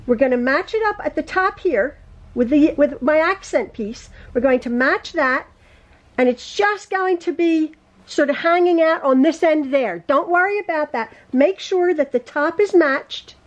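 A high-pitched woman talks through a quilting lesson from her home sewing room. She chats as she sews, correcting herself often and circling back to what she meant. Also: lively intonation, unhurried. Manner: rambling, self-correcting, talks while sewing. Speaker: quilting teacher. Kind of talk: chatty sewing tutorial.

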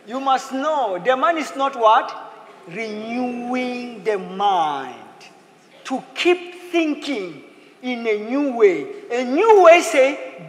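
A man preaching a sermon as pastor, in a lively manner, slipping into playful acted quotes. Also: extremely high pitch, slow pace, a little hiss or hum. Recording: echoey hall with faint ambience.

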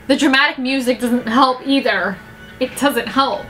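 A woman's voice: sits high, measured pace, low-quality recording. Gasping, exclaiming woman reacting to a video. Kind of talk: music video reaction vlog. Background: music video playing.

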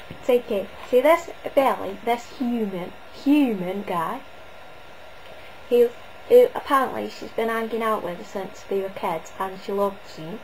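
A woman's voice: on the high side, slight background noise, poor audio. A woman giving a casual, rambling spoken review, often hesitating and restarting.

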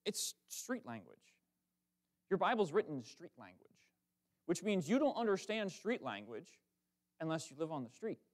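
Man, preacher, higher-pitched voice, lively conversational sermon, quick asides. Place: church sanctuary.

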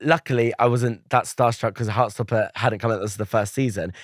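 Young male guest, rapid and animated storyteller, dry close recording. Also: mid-range voice, no echo. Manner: animated, acts out other people's lines, laughs often. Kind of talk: casual storytelling interview.

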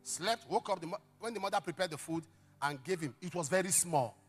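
A middle-aged male pastor preaching a sermon, telling stories dramatically with sudden shouts and hushed asides. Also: high voice, animated, a little fast, faint music behind. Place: church service.

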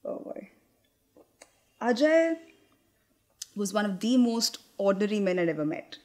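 A woman's voice: medium pitch, big pitch swings, unhurried, darkish tone. Candid young woman in a stage monologue. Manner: candid, confiding, wry, with hesitant restarts. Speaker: actress. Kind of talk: theatrical monologue.

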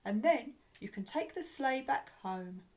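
Jolly old Santa, unhurried storybook man, voiced by a woman reading aloud. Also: on the high side, lively intonation. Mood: cheerful.

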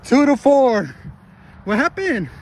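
This dad's voice is very high with big swings in pitch, and he talks slowly. He's in his thirties, vlogging a casual outdoor soccer game with his kids on the phone he's holding, teasing them, laughing frequently, and panting, with a little hiss or hum on the audio.

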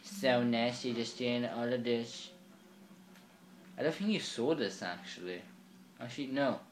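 A young man casually commenting on his gameplay, rambling and swearing in an offhand, quiet way. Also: medium pitch, measured pace, a little hiss or hum. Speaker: gamer. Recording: echoey room with faint ambience.

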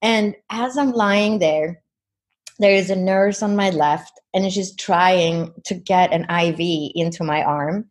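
A woman's voice: on the low side, takes it slowly. A woman guest in an interview, earnestly retelling a personal experience with many "you know"s. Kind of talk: personal storytelling.

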